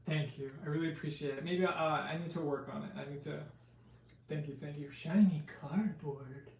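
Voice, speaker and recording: A man's voice: fairly high pitch, steady tone, moderate pace, gravelly. A man hosting a casual live stream, chatting with viewers and reading card names aloud. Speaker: live-stream host opening trading card packs. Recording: roomy, distant mic with faint noise.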